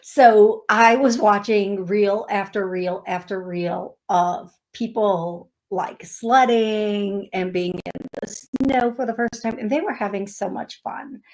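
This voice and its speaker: Slow, chatty woman radio host. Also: mid-range voice. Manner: chatty, laughing storyteller. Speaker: psychic medium radio host. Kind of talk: casual chat. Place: radio studio.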